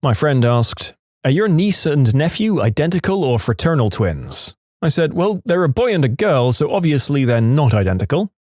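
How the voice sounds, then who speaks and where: A man's voice: moderate pace, dry recording, studio quality. A man reading listener stories aloud as scripted narration, lifting his voice for quoted characters. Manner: animated, jumps pitch for quoted voices.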